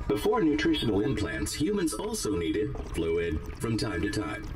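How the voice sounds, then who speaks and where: Lecturing robot instructor. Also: male voice, on the low side, moderate pace, noisy background. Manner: flat lecturing explanation. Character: robot job-instructor voice, male, dry explainer.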